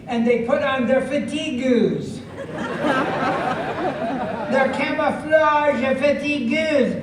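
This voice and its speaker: The comic, an American with a very high voice, takes his time on stage, drawing each line out and pushing hard with bursts of shouting. The recording is distant, echoey, and carries the venue's ambient noise.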